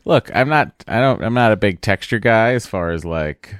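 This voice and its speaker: A man's voice: on the low side, animated, normal speed, smooth, no echo, clean studio sound. A man co-hosting a podcast, chatting casually and joking, rambling with fillers. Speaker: podcast co-host. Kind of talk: casual chat.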